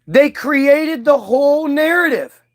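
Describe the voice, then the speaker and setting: A man's voice: very high-pitched, expressive, takes it slowly. A man giving a heated, profane monologue to camera, rambling with frequent restarts and trailing asides. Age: adult, old enough to recall early-2000s hits. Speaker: video commentator.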